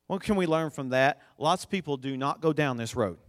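A man preaching a sermon, slow and deliberate, building to emphatic high points as he retells a scripture story. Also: animated, no echo, clean studio sound.

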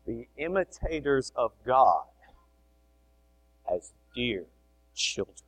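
A middle-aged man preaching a sermon, animated, swinging between loud emphasis and soft asides. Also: mid-range voice, slow, poor audio. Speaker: pastor.

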